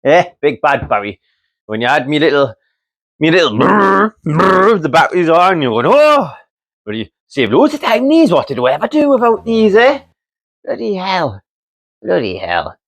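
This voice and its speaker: This builder who vlogs is a Geordie man from North East England, teasing and swearing casually through a jokey, mock-dramatic piece to camera. His voice is a little high and a bit bright, sing-song, at a moderate pace.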